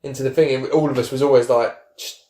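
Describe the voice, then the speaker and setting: Casual podcast co-host, man, mid-pitched, loose storyteller, roomy echo. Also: fairly even intonation, fast, warm tone. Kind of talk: casual chat.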